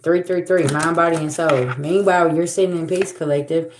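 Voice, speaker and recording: A woman's voice: sits low, fairly even intonation, brisk, echoey room, noisy background. A woman giving a livestream spiritual reading, talking bluntly and profanely, repeating herself as she scolds. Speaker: tarot reader.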